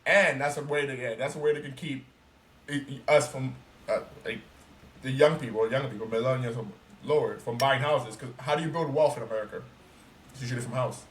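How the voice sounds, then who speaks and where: A young man talking casually on a podcast, ranting in an animated, profane and emphatic way. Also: medium pitch, brisk. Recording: roomy, distant mic, faint noise.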